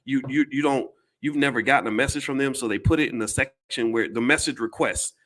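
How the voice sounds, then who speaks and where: A man's voice: mid-range voice, brisk, a bit bright. A man giving casual commentary to his audience, blunt and emphatic, with some swearing, often repeating words and restarting his sentences.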